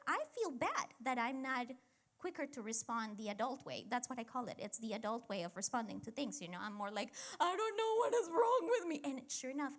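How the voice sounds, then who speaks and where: A woman in her thirties hosting a casual faith talk, chatty and reflective, with many fillers. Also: a little high. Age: 30s. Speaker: church women's talk host.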